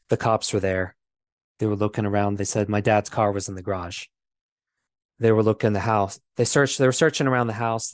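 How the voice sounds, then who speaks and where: Low-voiced man telling a hard story. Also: dry recording. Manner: halting, repeats himself, many fillers. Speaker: interview guest. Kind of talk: personal storytelling.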